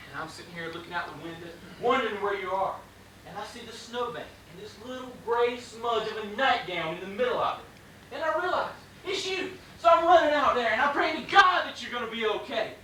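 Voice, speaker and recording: A man's voice: high voice, slight background noise. A man playing an exasperated, bitter husband. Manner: loud, ranting stage delivery. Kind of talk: live stage play acting. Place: theater stage. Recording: echoey stage sound, mic far off.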